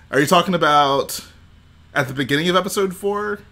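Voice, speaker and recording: Casual streamer guy, slightly high voice, laughs through his lines while reading chat. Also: brisk, sharp tone. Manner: giggly, reads chat and does movie-quote impressions. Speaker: livestream host.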